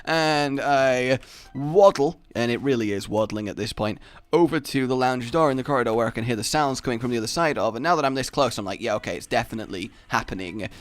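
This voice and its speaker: A man's voice: medium pitch, fairly quick. A young man commentating on a game while telling a funny personal story, acting out his own sleepy voice and laughing often. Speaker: gaming commentator. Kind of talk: casual anecdote over gameplay.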